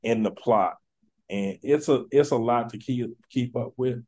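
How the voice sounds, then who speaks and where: A man's voice: medium pitch, measured pace, dark tone. A man hosting a casual podcast, talking in a laid-back way and leaning on filler words. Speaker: podcast host.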